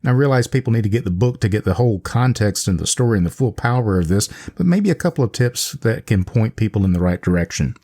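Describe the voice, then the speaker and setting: Male radio host, low voice, relaxed interviewer, uh and um fillers. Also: fast talker, hardly any pauses.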